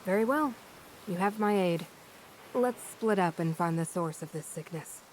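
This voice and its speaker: Woman playing a wry cool companion in a game, measured delivery. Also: on the low side, darkish tone, slight background noise, natural voice, rough recording. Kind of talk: video game voice acting.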